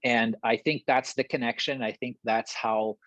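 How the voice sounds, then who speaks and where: Animated middle-aged man, dry sound. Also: mid-range voice, no room sound, highs cut off. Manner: animated storyteller, repeats himself, quick laughs. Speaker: interview guest, parent. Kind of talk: casual podcast interview.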